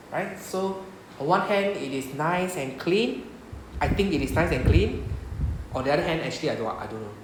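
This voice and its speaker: A man's voice: mid-range voice, roomy sound, a little hiss or hum, low-quality recording. A man with a Singaporean English accent, teaching a Japanese class and explaining patiently, often checking with "right?". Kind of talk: classroom lecture.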